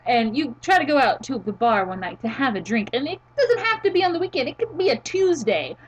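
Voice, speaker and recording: A woman co-hosting a casual wrestling chat, animated and quick to laugh, swearing freely. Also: sits high, husky, highs cut off. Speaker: podcast co-host. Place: college town in the US.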